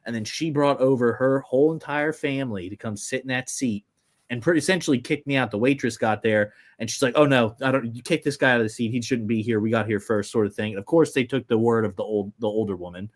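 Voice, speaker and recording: A young man co-hosting a podcast, telling a long story in a rambling, animated way with lots of fillers. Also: mid-range voice. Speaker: podcast co-host. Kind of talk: casual storytelling chat.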